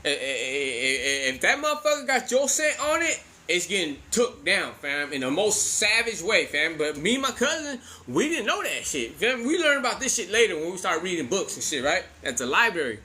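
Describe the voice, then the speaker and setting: High, lively, bright-voiced man telling a story. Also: fairly quick, hardly any pauses. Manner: profane slang-heavy, laughs often. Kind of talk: casual comedic storytelling.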